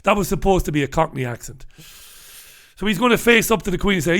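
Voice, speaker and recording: A man's voice: high-pitched, animated, quick pace, fairly bright tone. Wry, cursing male newspaper reviewer. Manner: wry, casual, swears freely. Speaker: host. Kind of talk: humorous newspaper review on a live stream.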